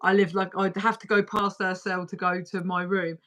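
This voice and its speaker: A woman's voice: mid-range voice, flat delivery, normal speed, fairly bright tone. A woman hosting a livestream and chatting casually, talking bluntly and swearing freely. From United Kingdom. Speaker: livestream host. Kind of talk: casual chat.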